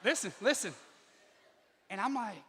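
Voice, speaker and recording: A man giving a motivational speech to students, telling a personal story with lively delivery and acting out the dialogue. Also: sits high, a little slow, big-room sound, slight background noise. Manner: animated, acts out quoted dialogue. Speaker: motivational speaker. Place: school auditorium.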